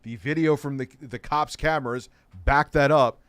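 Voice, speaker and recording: A sarcastic male host riffs on clips in casual commentary, exasperated and quick to curse. His voice sits in a middling register. The recording is close and dry, with no room sound. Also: mid-range voice, fairly even intonation, a bit bright, clean tone, dry recording. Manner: sarcastic, exasperated, swears freely.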